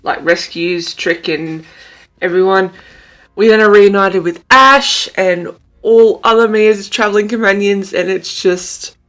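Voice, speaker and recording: A woman's voice: mid-range voice, a bit bright, low-quality recording. A young woman chatting casually in a reading vlog, gushing and emotional as she rambles about a book. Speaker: book vlogger. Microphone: camera mic, wears glasses.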